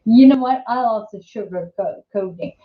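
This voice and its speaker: A woman's voice: a little high, normal speed. An older woman with a New Jersey accent hosting a casual live-stream chat, rambling and chatty with many restarts. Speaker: host. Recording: echoey room, dull lo-fi sound.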